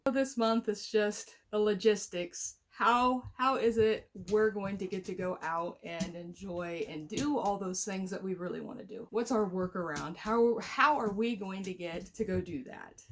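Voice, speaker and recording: A woman in her thirties from Missouri, chatting to camera at home in a rambling, easygoing way and laughing easily. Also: lowish voice. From Missouri, US Midwest. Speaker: vlogger and family caregiver. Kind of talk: casual chat to camera. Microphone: camera mic at home.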